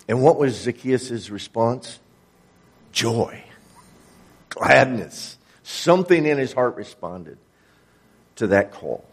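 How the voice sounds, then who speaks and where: A male preacher tells a story from the pulpit and acts out the voices in it. His voice is husky and breathy, at a medium pitch. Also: expressive, slow pace, pauses often. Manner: storytelling with acted-out dialogue. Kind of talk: sermon.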